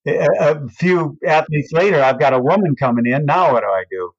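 Older man telling an animated story. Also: fairly quick, husky, dry recording. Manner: acts out quoted voices with big pitch swings. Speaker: race announcer. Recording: dull, dry recording.

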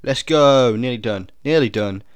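A young man talks his way through a quiz, joking, punning and doubting his own answers. His voice is smooth and resonant at a middling pitch. The recording is dry, with no room sound. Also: measured pace, no echo. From United Kingdom. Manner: jokey, punning, second-guesses aloud. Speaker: video creator doing a quiz. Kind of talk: casual commentary while taking an online quiz.

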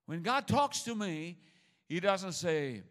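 A man's voice: high voice, big pitch swings, slow, a bit bright. An older man preaching a sermon to his church, humorous and repetitive, with stammered restarts. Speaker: pastor.

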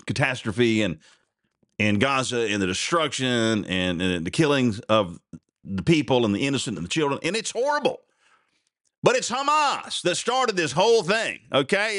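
A man's voice: fairly high pitch, fairly bright tone, no echo, clean studio sound. A man hosting a podcast, reacting to a clip in rambling, fired-up casual commentary. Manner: rambling, fired-up, full of fillers. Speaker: podcast host.

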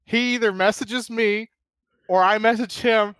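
A high-voiced man tells a rambling story, animated, swearing and laughing as he goes. His voice is dry and close, with no room around it. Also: unhurried, smooth, no echo. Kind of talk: casual storytelling.

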